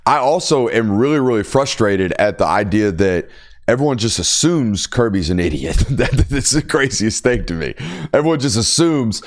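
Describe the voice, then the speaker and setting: A young man hosts a football podcast, keeping the sports talk casual but animated and emphatic, and sometimes ranting. His voice sits on the low side, and he speaks at a moderate pace.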